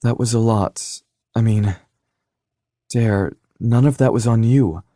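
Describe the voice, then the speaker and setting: A man voicing a shaken young woman in an audiobook, speaking earnestly and softly. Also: medium pitch, takes it slowly, no echo, clean studio sound, voice pushed up, lightly acted. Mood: shaken, tender. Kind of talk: audiobook character voice.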